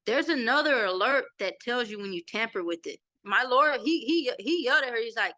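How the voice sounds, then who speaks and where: A woman's voice: fairly high pitch, a little fast, few pauses, no room sound. A woman in her thirties with a Texan accent, telling a story as an interview guest and acting out the dialogue she quotes. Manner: animated retelling with quoted dialogue. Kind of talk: casual storytelling.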